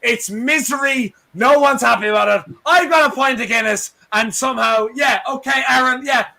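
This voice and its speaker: Irish guy on a video call, high gravelly voice, keeps laughing and groaning at the ribbing. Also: moderate pace, sharp tone, rough recording. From Ireland. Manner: laughing, exasperated, self-mocking. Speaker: fan show panelist. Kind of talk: casual banter.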